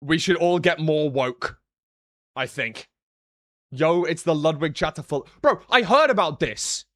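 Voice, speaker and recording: A young British man rambling on a live stream, swinging between deadpan sarcasm and excited outbursts. His voice sits high and sounds bright and forward, caught dry and close on the mic. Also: no room sound. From Britain. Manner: joking, sarcastic, quick swings in energy. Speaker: streamer and analyst. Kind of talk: casual live-stream chat.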